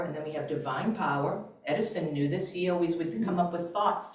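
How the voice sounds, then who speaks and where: A woman giving an animated, conversational inspirational talk to a congregation, laughing often. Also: deep voice, a little fast, few pauses. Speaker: guest speaker at a church service. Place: church sanctuary. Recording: very echoey, distant, dull church recording.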